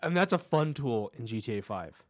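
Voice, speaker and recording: Man, podcast co-host, casual enthusiastic chat, average pitch, dry sound. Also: animated, moderate pace, no room sound. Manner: enthusiastic, retells scenes with laughs.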